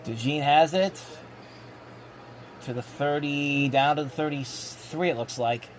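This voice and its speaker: A man hosting a live rewatch, giving excitable play-by-play commentary with frequent restarts. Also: on the high side, unhurried, a little hiss or hum. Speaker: host live-reacting to a football game. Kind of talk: casual live sports commentary.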